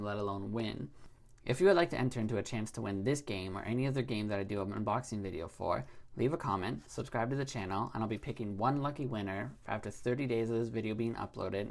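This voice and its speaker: A man's voice: lowish voice, vocal fry. A young man hosting a board game unboxing, reading dare cards aloud in a rambling, hesitant way and laughing at them.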